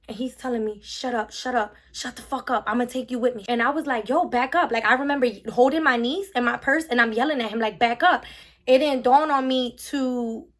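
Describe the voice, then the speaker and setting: Animated Philly woman telling a story. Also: fairly high pitch. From Philadelphia. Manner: animated, emphatic retelling with acted-out quotes. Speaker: vlogger. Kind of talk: storytime vlog.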